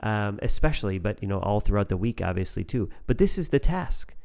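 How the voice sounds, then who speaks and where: A man's voice: fairly low pitch, very animated, brisk, creaky, darkish tone. A young man co-hosting a Christian podcast, talking earnestly and building into fervent, prayer-like lists. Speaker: podcast co-host. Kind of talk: casual Christian podcast conversation.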